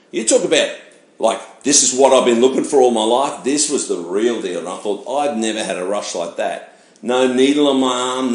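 A man, a pastor giving his testimony in animated storytelling, acting out the voices of people he met. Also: medium pitch. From Australia. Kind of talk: personal testimony sermon. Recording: echoey room.

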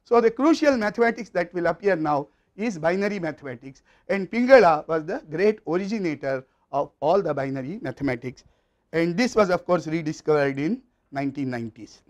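A man's voice: on the high side, animated, brisk. A man with an Indian English accent giving a university lecture, explaining step by step in a methodical way.

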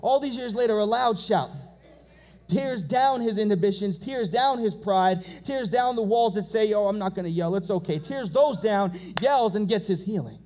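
A man preaching a sermon in a high yet mellow voice. He repeats his phrases with fervor and climbs into full shouts. The setting is a church pulpit. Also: unhurried, soft background music. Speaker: pastor. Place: church sanctuary.

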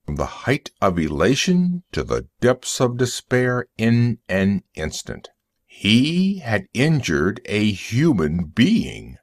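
A man reading a story aloud for English learners, in a measured storytelling manner. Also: fairly low pitch, wildly swooping pitch, no room sound, clean studio sound. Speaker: narrator.

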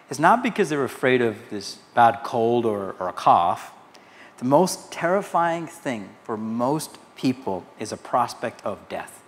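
A man's voice: mid-range voice, big-room sound. A man from India preaching a sermon as pastor, quoting scripture and telling anecdotes to his congregation. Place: large church hall.

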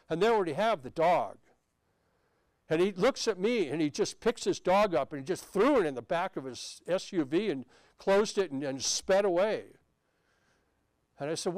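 A man's voice: sits high, animated, normal speed, a little mellow, clean tone, no echo. A male pastor telling a personal story during a sermon in a conversational, anecdotal way. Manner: anecdotal, conversational with frequent restarts. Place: church sanctuary.

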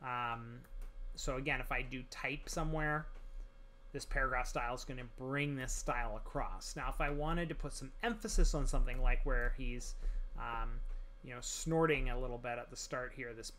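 A man talking through a software tutorial as he works, relaxed, with many pauses and fillers. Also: mid-range voice, a little hiss or hum. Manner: relaxed, many ums and restarts while working. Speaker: tutorial instructor. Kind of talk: screen-recorded software tutorial.

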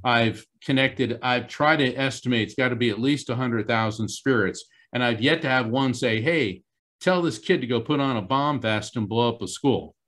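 A man's voice: mid-range voice, normal speed, fairly bright tone. A man on a video call, earnestly telling a story in an interview, emphatic and heartfelt. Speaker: psychic guest.

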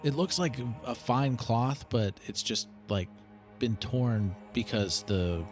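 Guy running a tabletop game, slow and low-ish, lots of ums, faint music behind. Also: animated. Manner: hesitant, halting with fillers. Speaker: game master.

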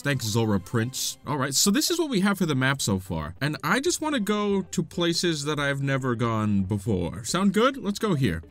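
A young man giving playful, dramatic let's-play commentary, trash-talking enemies and panicking in bursts. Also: medium pitch. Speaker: gaming YouTuber. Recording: faint game music behind. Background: game music.

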